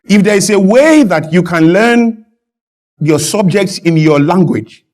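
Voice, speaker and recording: A Nigerian man, a guest on a talk show, arguing with fervour, repeating his points and building up to shouted emphasis. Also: high voice, lively intonation, measured pace. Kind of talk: impassioned studio interview.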